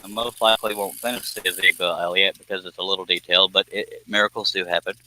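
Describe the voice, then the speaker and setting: A man's voice: deep voice, quick pace, rough recording. Sleepy man chatting on a stream. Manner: relaxed, rambling, reads chat comments aloud. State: sleepy, yawning. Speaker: live-stream host. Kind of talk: casual live-stream chat.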